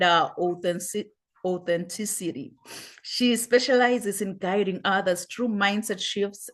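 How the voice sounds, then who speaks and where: An enthusiastic woman hosts a talk show. She heaps praise on her guests, repeats her exclamations, and reads their bios aloud with warmth and excitement. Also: medium pitch. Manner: effusive, repeats "wow". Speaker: host. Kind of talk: enthusiastic interview show hosting.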